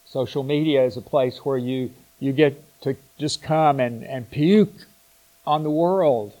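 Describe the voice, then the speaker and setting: A man preaching a sermon in a slow, reflective way, pausing and restarting his phrases as he thinks aloud. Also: mid-range voice, warm tone, poor audio.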